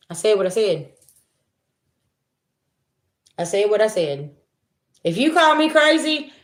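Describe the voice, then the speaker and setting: A woman giving a spiritual reading to her viewers in a casual monologue, blunt and profane, repeating herself for emphasis. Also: mid-range voice. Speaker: spiritual reader. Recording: echoey room.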